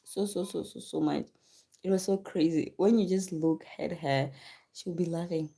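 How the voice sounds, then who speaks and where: A woman's voice: on the low side, moderate pace, creaky, mellow, slightly rough. Chatty mother hosting a live stream. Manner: chatty, repeats words for emphasis; thanks commenters by name. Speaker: livestream host and mother. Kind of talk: casual live-stream chat with viewers.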